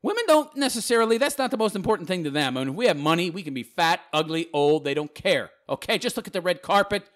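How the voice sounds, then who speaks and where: A man's voice: sits high, animated, fast, few pauses, fairly bright tone. A man reading out viewer comments and answering them in a sarcastic, mocking rant. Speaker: YouTube commentator.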